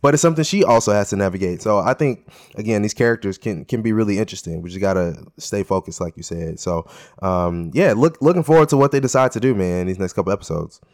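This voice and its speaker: Easygoing low-voiced podcast man. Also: animated, fast, a little mellow. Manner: easygoing, thinks aloud, repeats words. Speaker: podcast co-host. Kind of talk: casual discussion of a TV episode.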